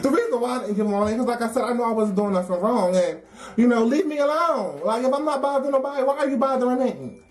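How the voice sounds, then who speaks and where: A woman telling a story in a casual, animated, wry way, laughing often. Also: a little high, fast. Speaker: storyteller in a documentary. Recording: roomy echo with faint music.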